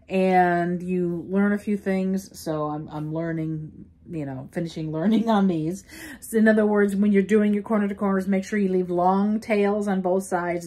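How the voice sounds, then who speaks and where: A woman's voice: medium pitch, mellow. A middle-aged woman from New York gives a casual crochet tutorial in a rambling, chatty way, with many fillers and restarts. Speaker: crochet teacher.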